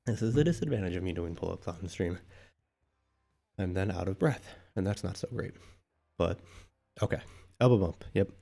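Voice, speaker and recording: A man's voice: sits low, lively intonation, moderate pace, creaky, pauses often, mellow. A man chatting casually to his live-stream viewers, out of breath after doing pull-ups and rambling as he thinks aloud. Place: indoors at home.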